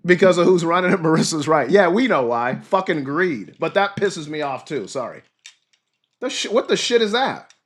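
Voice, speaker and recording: A man's voice: fairly high pitch, sing-song, normal speed, faint music behind. A man hosting a livestream, ranting heatedly and cursing while thanking viewers by name. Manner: reads chat names and thanks viewers. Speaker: livestream host. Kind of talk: ranting political livestream chat.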